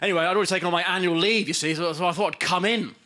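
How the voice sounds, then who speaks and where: A man's voice: high voice, racing, sharp tone. A man in his twenties from England doing a sardonic stand-up comedy set, slipping into mock voices for punchlines. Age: 20s. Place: comedy stage before a live studio audience.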